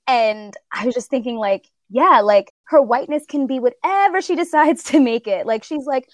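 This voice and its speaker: A woman's voice: fairly high pitch, big pitch swings, brisk, hardly any pauses, no echo. A woman in a casual film discussion, talking animatedly, laughing often and filling with "like".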